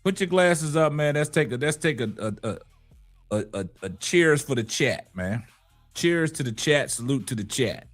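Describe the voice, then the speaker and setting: A man's voice: on the high side, lively intonation, normal speed, faint music behind. Laid-back man hosting a late-night stream. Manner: laid-back, repeats "man" after lines. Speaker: live show host.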